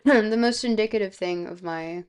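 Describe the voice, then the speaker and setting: Young woman from South Florida, casual stream chatter, fry in the voice, a bit hoarse from being sick. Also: mid-range voice, moderate pace, darkish tone. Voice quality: vocal fry. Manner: rambling, hesitant, lots of fillers. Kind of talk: casual live-stream chat. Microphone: close streaming microphone.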